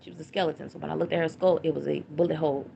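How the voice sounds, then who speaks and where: A woman's voice: low-pitched, fairly even intonation, very fast, vocal fry, mellow. A woman in her forties, telling her own painful story on a livestream in a blunt, repetitive, emotional way. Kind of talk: livestream personal account. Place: home livestream. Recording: dull lo-fi stream audio with noise.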